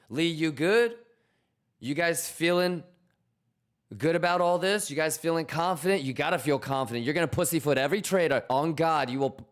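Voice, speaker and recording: Hyped, profane male trading streamer. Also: fairly high pitch. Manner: hyped, profane, teasing, repeats questions to chat. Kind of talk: casual live-stream chat to viewers.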